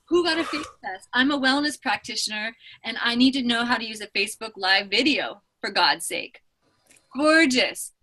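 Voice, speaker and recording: A woman business coach leads a live training call with a bright, ringing voice pitched a little high. She talks fast and emphatically, gushing with praise. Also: expressive. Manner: effusive, fast-talking, emphatic.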